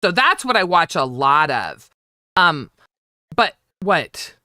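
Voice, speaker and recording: Woman, livestream co-host, blunt, lively pitch swings, bright tone. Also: takes it slowly, dry recording, studio quality. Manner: blunt, profane, animated. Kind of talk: casual livestream chat.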